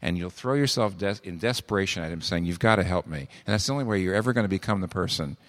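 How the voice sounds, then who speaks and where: A man preaching a sermon, animated and full of rhetorical questions. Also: low-pitched, fast talker, big-room sound. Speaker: pastor.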